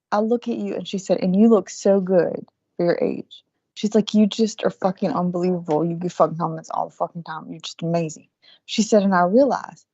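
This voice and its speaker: A woman's voice: mid-range voice, dark tone, no room sound. A woman in her forties, co-hosting a podcast and telling stories in casual chat, with lots of profanity. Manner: profane storytelling. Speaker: podcast co-host. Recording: muffled lo-fi sound.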